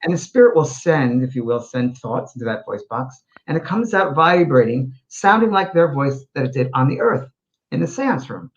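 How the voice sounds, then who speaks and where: A man's voice: mid-range voice, normal speed, muffled recording. A man, a spiritual medium, hosting a casual talk show, telling stories animatedly with frequent restarts. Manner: animated storyteller with many restarts.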